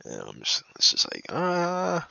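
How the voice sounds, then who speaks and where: Gravelly young man venting a story. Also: sits low, sing-song, brisk, pushed and bright, no room sound, dull audio. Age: young adult. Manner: rambling and profane, heavy on fillers like "bro"; agitated, indignant retelling. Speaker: vlogger telling a personal story. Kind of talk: casual storytime.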